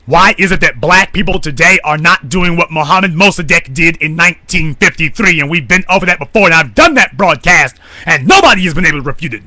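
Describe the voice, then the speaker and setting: Brief: male commentator, hard-edged bright voice, dry close sound, combative rant. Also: a little high, animated, brisk, dry recording. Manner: forceful, confrontational ranting. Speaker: online commentator. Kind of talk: monologue broadcast.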